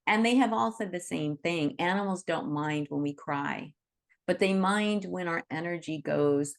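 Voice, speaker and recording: Female teacher, low gravelly voice, earnest and reassuring, on a video call. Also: measured pace. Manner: earnest, reassuring, frequent "right?" and "you know". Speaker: Reiki teacher leading an online group. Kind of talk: teaching talk to an online group.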